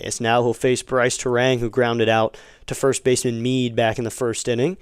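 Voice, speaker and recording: Smooth-voiced man calling baseball play-by-play. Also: mid-range voice, normal speed, hardly any pauses, no room sound, studio quality. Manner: conversational, rising to excited calls on big plays. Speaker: fan play-by-play streamer. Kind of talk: live play-by-play commentary.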